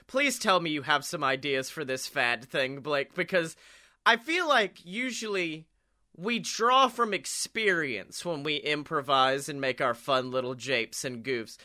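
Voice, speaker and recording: A man's voice: a little high, measured pace, pushed and bright. A man co-hosting a comedy podcast, chatting casually with crude jokes and frequent laughter. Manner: crude, laughs often, jokey improv. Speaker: podcast co-host.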